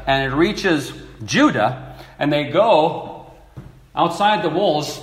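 A man preaching a sermon, reading scripture aloud and acting out the people in the story with lively repetition. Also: a little high, reverberant. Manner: animated, acts out quoted speakers, repeats words.

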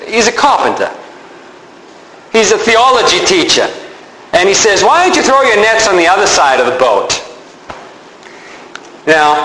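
A man preaching in an animated storytelling manner, slipping into the voices of the people in his stories. His voice sits a little high, and it rings out in a reverberant room with a faint hum of background noise. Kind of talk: sermon.

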